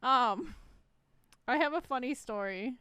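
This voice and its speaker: A young woman tells a rambling story on her podcast in a bright, high voice, laughing and swearing freely as she goes. The sound is dry and close, with no room around her. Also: expressive, unhurried, clean tone, no room sound. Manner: swears often, laughs through stories. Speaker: podcast co-host. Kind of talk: casual chat.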